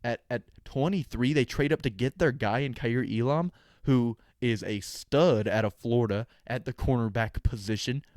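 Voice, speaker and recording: A man's voice: mid-range voice, moderate pace, darkish tone, dry recording, studio quality. A young man hosting a sports podcast, talking casually with sarcastic, opinionated jokes. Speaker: podcast host.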